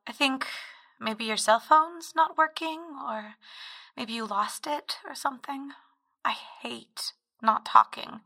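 A wistful girlfriend leaves a rambling, tender voicemail, as a woman plays her. Her voice is bright. She trails off and circles back as she talks. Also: high-pitched, heavily acted.

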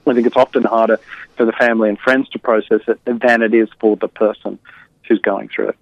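A man's voice: fairly low pitch, level tone, fairly quick, creaky, no echo. A man being interviewed, telling a personal story in a reflective, candid way with many fillers and restarts. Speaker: interview guest. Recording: tinny phone-like line.

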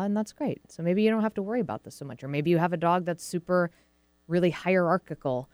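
A middle-aged woman with a Pacific Northwest American accent hosts a dog show, chatting casually and slipping into little acted-out voices. Her voice is smooth and a touch low. It is recorded close and dry. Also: fast, a little mellow, no echo. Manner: chatty, acts out quoted voices of dogs and owners. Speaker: podcast host, dog trainer. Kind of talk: casual explanatory talk.

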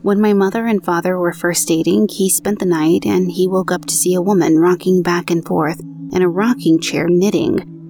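A woman's voice: on the low side, steady tone, moderate pace, gravelly, mellow. A woman podcast host reading listener ghost stories aloud from her recording booth, adding conversational, self-deprecating comments of her own.

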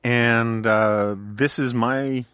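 A man's voice: mid-range voice, fairly even intonation, very slow, a bit bright, smooth, no echo, clean studio sound. A man hosting a podcast, talking casually and at length with frequent restarts and easy laughter. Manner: rambling, restarts often, laughs readily. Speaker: podcast host.

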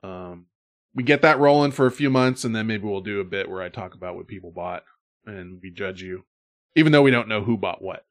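A man's voice: lowish voice, a little fast. A man co-hosting a podcast, chatting loosely and thanking supporters. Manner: loose, rambling, thanks listeners. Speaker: podcast co-host. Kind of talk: casual podcast chat.

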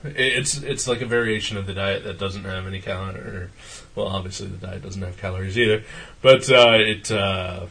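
A man hosting a podcast in casual chat, rambling and jokey, with a whiskey voice and loud laughs. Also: low-pitched, moderate pace, gravelly, a little hiss or hum. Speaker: podcast host.

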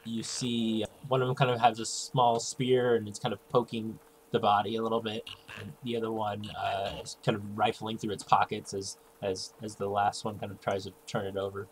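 A man narrating as game master of a tabletop game, in a relaxed, halting way with fillers and chuckles. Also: lowish voice, rough recording. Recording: faint background noise.

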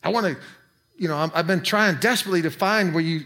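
Male pastor preaching, casual asides, voice sits a bit high. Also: fairly bright tone. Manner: conversational preaching with quick asides. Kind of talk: sermon.

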